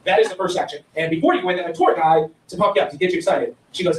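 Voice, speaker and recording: A man's voice: on the high side, quick pace. A man from Ohio doing a stand-up comedy set, rambling through his stories and laughing often at his own lines. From Ohio, USA. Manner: rambling storytelling with frequent laughs. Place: comedy club stage with audience. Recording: roomy, distant live venue recording.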